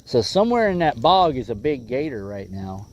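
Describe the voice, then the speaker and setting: A man's voice: mid-range voice, sing-song, moderate pace, muffled recording. A man hosting a casual fishing livestream from a boat, laid-back and calling viewers "bro" and "bud.". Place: outdoors on a boat on a lake.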